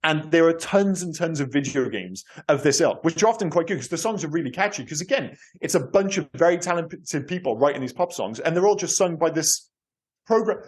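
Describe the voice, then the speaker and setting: A man with a Welsh Cardiff accent chats casually as a podcast co-host, his voice sitting a little high for a man. He rambles and restarts his sentences, swearing freely as he explains things to his co-host. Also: animated, fairly quick, breathy edge. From Cardiff, Wales. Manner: rambling, self-interrupting, sweary. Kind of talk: casual chat.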